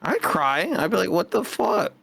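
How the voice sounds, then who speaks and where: A young man with a subtle Southern US accent, a guest chatting on a stream. He tells animated stories, acts out what he said, and jokes with mock bravado. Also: high-pitched, normal speed, vocal fry, slightly rough. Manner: animated storyteller, acts out quotes, jokey bravado. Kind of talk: casual chat on a stream.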